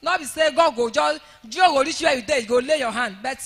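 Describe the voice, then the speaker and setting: A Nigerian woman giving an emotional church testimony, rising to shouts of praise. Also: sits high, brisk, long reverb tail.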